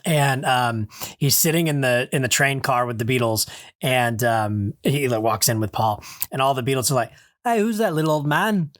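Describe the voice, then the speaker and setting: A man co-hosting a podcast, winding through an anecdote with plenty of hesitations and restarts. His voice sits at an average pitch. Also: steady tone, normal speed, no echo, clean studio sound. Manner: storytelling with many fillers. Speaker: podcast co-host. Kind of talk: casual chat.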